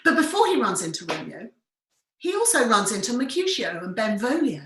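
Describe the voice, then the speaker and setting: A woman theatre director who leads a workshop and tells the story with enthusiasm and expressive examples. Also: a little high, brisk, a little hiss or hum. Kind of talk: storytelling lesson. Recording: roomy echo.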